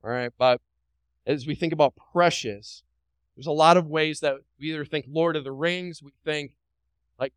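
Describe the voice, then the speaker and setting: A man's voice: a little high, steady tone, moderate pace, clear, resonant tone, no room sound, low-quality recording. A pastor delivering a sermon to his congregation. He preaches emphatically, repeats phrases, asks the room questions and drops light joking asides.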